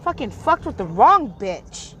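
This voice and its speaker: A woman's voice: a little high, sing-song, unhurried, bright, forceful tone, a little hiss or hum. A woman hosting a livestream, ranting in a profane, confrontational and scolding way. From Puerto Rico. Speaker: livestream host. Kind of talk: angry livestream rant.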